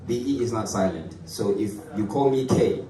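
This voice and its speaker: Young stand-up man with British accent, self-deprecating, distant mic, loud room noise behind. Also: fairly low pitch, normal speed. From Africa. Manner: self-deprecating, chatty, frequent restarts. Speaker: stand-up comedian. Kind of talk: stand-up comedy set. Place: comedy club stage. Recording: echoey room, far mic, crowd noise.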